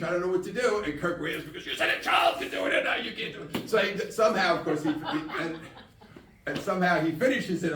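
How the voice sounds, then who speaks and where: A man in his sixties giving a casual, animated live talk to an audience as a spiritual teacher. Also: mid-range voice. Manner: casual, storytelling, animated with laughs and acted-out quotes. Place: room with an audience. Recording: roomy echo, mic at a distance.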